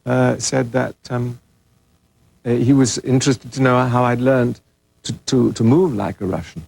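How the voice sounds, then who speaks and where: A man's voice: mid-range voice, steady tone, a little slow, vocal fry, darkish tone, dry recording. An older man from England, an actor as a guest, chatting casually and self-deprecatingly with frequent chuckles. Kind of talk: casual interview chat.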